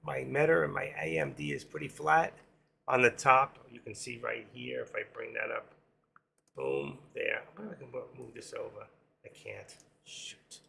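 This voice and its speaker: A hoarse man hosting a live trading stream, rambling casually to himself and his viewers as he works through charts. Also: medium pitch, big pitch swings, moderate pace, sharp tone, a little hiss or hum. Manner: rambling, talks to himself while working charts. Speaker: livestream trading host.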